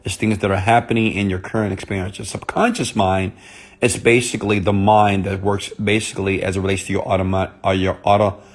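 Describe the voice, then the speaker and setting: Soft-spoken man on a chatty live stream. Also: on the low side, flat delivery, a little fast. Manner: soft, intimate on purpose; chatty, greets commenters by name. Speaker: motivational speaker. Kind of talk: live-stream talk to viewers.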